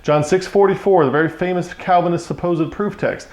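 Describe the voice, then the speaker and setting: A man's voice: high voice, fairly quick, darkish tone. A man teaching on a Bible verse in a combative, emphatic way, arguing against an opposing reading. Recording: echoey room.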